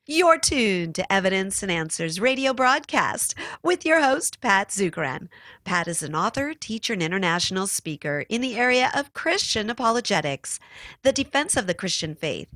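Female announcer for a radio intro, crisp bright tone, dry studio sound. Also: medium pitch, big pitch swings, normal speed, no room sound. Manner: polished, clear read. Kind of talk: scripted announcement.

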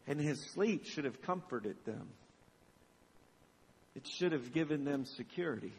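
A man's voice: on the high side, unhurried, long pauses, husky, big-room sound. A middle-aged man preaching a sermon as pastor, telling stories animatedly and acting out the dialogue. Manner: animated storytelling, acts out dialogue.

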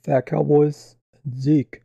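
Guy w a really mellow dark voice tossing in short guesses, dry close sound. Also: fairly high pitch, flat delivery, slow pace, gravelly, breathy edge, dry recording, lo-fi sound. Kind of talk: casual chat.

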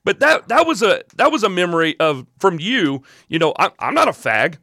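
Middle-aged guy host, tells stories then pushes w questions, slightly high voice, dead dry sound. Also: very animated, moderate pace, pushed and bright, dry recording. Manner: storytelling, pressing with questions. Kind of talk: confrontational interview.

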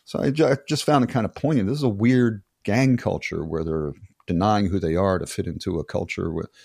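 Low-voiced, blunt, profane older man. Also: a little fast, vocal fry, a little mellow, slightly rough, no echo, clean studio sound. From United States. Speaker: guest. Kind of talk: casual conversational interview.

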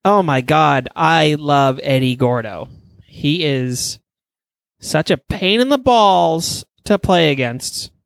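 A man in casual podcast chat, enthusiastic and rambling, peppering his talk with swears. His voice sits slightly high for a man. The recording is dry and close, with no room sound. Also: expressive, takes it slowly, creaky, no room sound. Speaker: podcast co-host.

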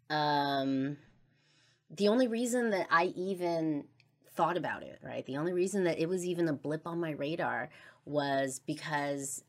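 Talking on her podcast about something she regrets, a low-voiced woman shares a confessional monologue. She hesitates often, leans on fillers, and lets the ends of her thoughts drop off quietly.

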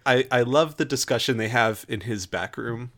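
A man of middle pitch co-hosts a casual movie podcast. He breaks down scenes in an analytical, conversational way, pausing on fillers as he thinks. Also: a bit bright. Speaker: podcast co-host. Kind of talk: casual film discussion.

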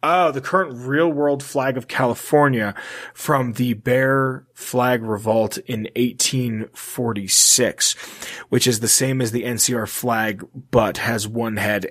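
A man's voice: medium pitch, fairly bright tone. A man hosting a casual podcast, reading notes aloud and breaking off for offhand, sometimes profane asides. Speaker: podcast host.

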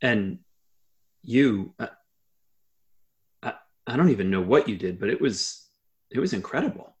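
A man's voice: fairly low pitch, expressive, unhurried. A man voicing a shy, awestruck young male waiter who stammers and hesitates, in a tabletop game. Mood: awed.

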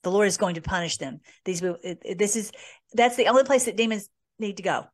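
A woman hosts an informal Bible teaching at a middle pitch. She reads scripture aloud, then talks it through earnestly and casually, stopping now and then to search for words. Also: brisk. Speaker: host.

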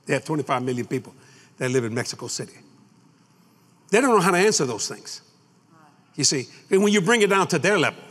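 A man's voice: high voice, fairly bright tone, husky. A man preaching a sermon, folksy and boastful, laughing at his own lines. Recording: long hall reverb.

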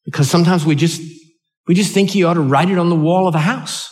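An older man with an American accent, preaching a sermon and telling a personal story in an earnest, halting way, often restarting his words. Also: a little high. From United States. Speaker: pastor.

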